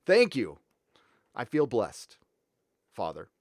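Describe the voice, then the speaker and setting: A man's voice: medium pitch, huge pitch swings, takes it slowly, dry recording, studio quality. A man hosting a casual live stream, rambling between news and reading out viewer donations. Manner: rambling, reads donor messages aloud.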